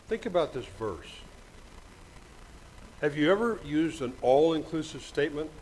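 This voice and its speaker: An older man delivering a Sunday sermon in a church, joking lightly and reading scripture slowly. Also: fairly high pitch, animated, darkish tone, slight background noise, poor audio. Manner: folksy, joking asides, reads scripture slowly. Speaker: preacher. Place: church sanctuary. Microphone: microphone with monitor.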